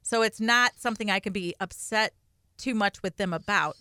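A woman's voice: mid-range voice, normal speed, bright, forceful tone, smooth, no echo. A woman in her forties, co-hosting a podcast in casual chat. She talks candidly and earnestly, laughs easily, and acts out remembered conversations. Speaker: podcast co-host.

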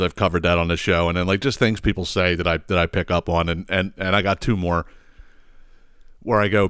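A man's voice: deep voice, fairly bright tone, dry recording, studio quality. A man, hosting a comedic solo rant, swearing and exasperated. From Philadelphia area. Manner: profane, exasperated ranting with chuckles. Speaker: podcast host.

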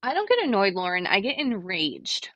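A woman's voice: mid-range voice, sing-song, moderate pace, fairly bright tone, no room sound, dull audio. A woman co-host telling stories about her toddler in an easy, chatty way. She laughs often and lets a swear word slip now and then. Her voice is recorded close and dry, with no room sound. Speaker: podcast co-host. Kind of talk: casual chat.

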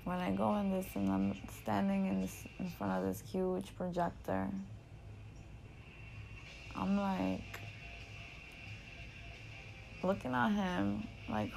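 A woman casually telling a story in an animated, profane, slangy way, often laughing. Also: medium pitch, slow pace, creaky, long pauses, a little hiss or hum, poor audio. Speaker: storyteller recounting a game.

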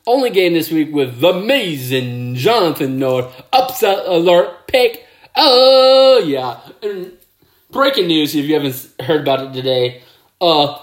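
A man hosting his own football picks show, excitable, with catchphrases and mouth sound effects. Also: a little high. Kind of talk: casual sports picks video.

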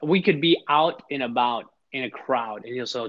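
A man's voice: medium pitch, normal speed, a bit bright. A middle-aged man, a podcast guest, telling personal stories in an earnest, emphatic way and often restarting his sentences. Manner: earnest, emphatic, repeats words when starting sentences. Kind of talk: heartfelt conversational storytelling. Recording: slightly dull lo-fi sound.

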